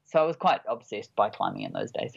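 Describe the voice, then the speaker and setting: A woman in her sixties, a mountain guide, giving measured, halting interview answers with many pauses. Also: rumbling low, wildly swooping pitch, creaky. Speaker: high-altitude mountain guide. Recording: dull lo-fi audio.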